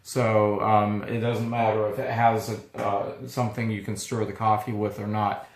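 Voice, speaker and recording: A man who owns a small coffee roasting business, talking casually to camera in a halting, easygoing way, his voice not yet fully recovered. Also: fairly low pitch, little pitch movement. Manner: halting and easygoing, pausing often. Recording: echoey room.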